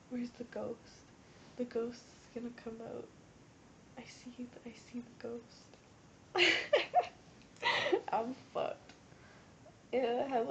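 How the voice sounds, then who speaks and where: A young woman in her late teens with a stuffy nose and a hoarse cold voice, rambling and giggly as she vlogs. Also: a little high. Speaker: vlogger. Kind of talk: rambling casual vlog. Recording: dull lo-fi webcam audio with faint hiss.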